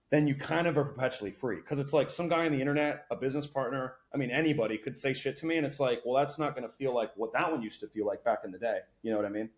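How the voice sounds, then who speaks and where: A young man, a podcast guest, talking casually and swearing a lot as he tells animated stories. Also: medium pitch. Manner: fast, profane, animated storytelling.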